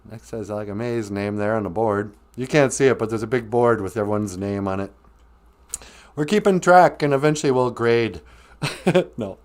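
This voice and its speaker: Brief man hosting a live stream, chatty and playful, lively pitch swings. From north central Minnesota. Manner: playful, chuckling, greets chatters warmly. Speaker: host. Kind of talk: casual live stream chat.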